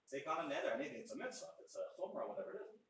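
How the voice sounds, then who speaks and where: A man giving a memorial talk with Torah teaching to a yeshiva audience, conversational and animated, acting out what people say. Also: a little high, racing. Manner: animated, conversational, acts out quotes. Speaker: speaker at a memorial gathering. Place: yeshiva hall. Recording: very echoey hall, mic far off, faint noise.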